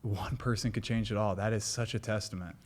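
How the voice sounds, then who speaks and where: Low-voiced man, emphatic co-host. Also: steady tone, a little fast. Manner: emphatic, encouraging, slangy. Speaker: podcast co-host. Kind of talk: casual interview chat.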